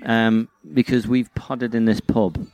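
A man's voice: mid-range voice, flat delivery, unhurried, darkish tone, muffled recording. A man co-hosting a podcast in a pub, chatting casually, stumbling over words and laughing often. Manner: stammering, laughs a lot. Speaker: podcast co-host. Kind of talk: casual chat.

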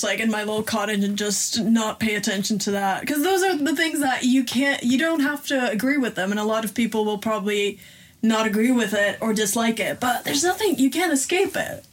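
An easygoing woman from Slovakia chats as a guest on a podcast. She is agreeable and giggles readily. Her voice sits a little higher than most. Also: fairly quick. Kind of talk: casual chat.

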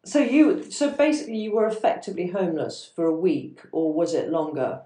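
A host in a conversational interview, heard in a roomy, echoey space at a middle pitch. The host offers short affirmations and gentle follow-up questions. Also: very animated, fairly quick. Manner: supportive, brief affirmations.

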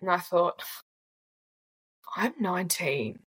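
A woman's voice: on the low side, takes it slowly, fairly bright tone, breathy edge, low-quality recording. A woman in her twenties with an Australian accent, telling her own story bluntly and casually as a guest. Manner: blunt, casual, swears freely. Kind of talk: candid personal storytelling.

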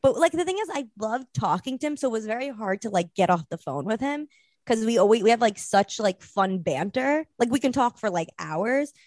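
A woman's voice: a little high, animated, a little fast, darkish tone, no room sound, clean studio sound. A young woman, a podcast guest, telling a rambling story in casual chat and acting out the quotes.

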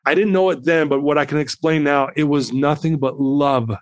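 Man, 50s, podcast guest, animated personal storytelling, slightly high voice, dry close sound. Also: normal speed, clean tone, dry recording. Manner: animated, acts out the voices of people in his story.

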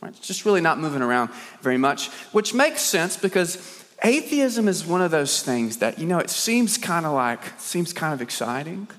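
A man preaching a sermon as a dramatic storyteller, firing rhetorical questions and swinging between loud and soft. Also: fairly high pitch. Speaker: pastor. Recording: long hall reverb.

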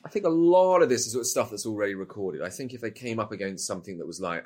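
A middle-aged man from Britain, an actor guest in a casual interview, talks fast with few pauses in a low, expressive, slightly rough voice. He rambles and keeps repeating words as he begins his thoughts again.

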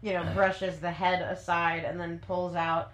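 A woman's voice: on the low side, level tone, unhurried, a bit bright. A woman running a tabletop game as dungeon master, narrating casually with swearing. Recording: roomy echo.

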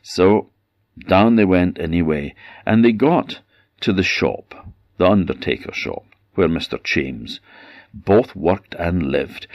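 A man with an Orkney Scottish accent telling a folk tale in a measured, conversational way. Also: deep voice, lively intonation, no room sound, lo-fi sound. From Orkney, Scotland. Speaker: storyteller.

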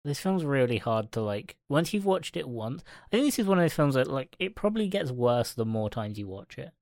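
A man co-hosting a casual film chat podcast, relaxed and hedging, often laughing along with the others. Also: medium pitch, brisk, no room sound, clean studio sound. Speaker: podcast co-host.

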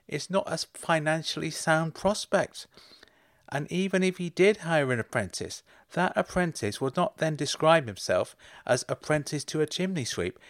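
A man delivers a comic monologue with dry, deadpan timing and growing mock outrage. His mid-pitched voice sits close to the mic, with no room echo. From England.

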